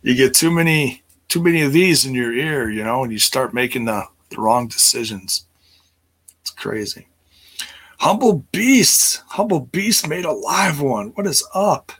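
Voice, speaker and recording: Casual livestream host, middle-aged man, crisp bright voice, loose and rambling delivery. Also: medium pitch, expressive, normal speed. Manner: rambling, many fillers and restarts.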